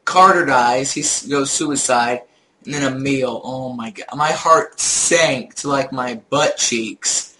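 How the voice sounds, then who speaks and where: A young man in casual conversation, his voice bright and forward, swinging into lively storytelling about games and laughing easily. There is a faint hiss under the recording. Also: medium pitch, slow, poor audio. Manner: animated storyteller, laughs often. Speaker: podcast co-host. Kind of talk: casual gaming chat.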